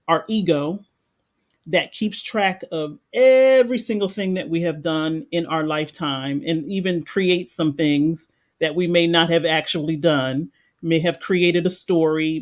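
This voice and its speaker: A woman's voice: fairly low pitch, a little mellow. A woman life coach on a livestream, talking in an earnest, reflective and emotional way. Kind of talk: livestream meditation talk. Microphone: livestream microphone.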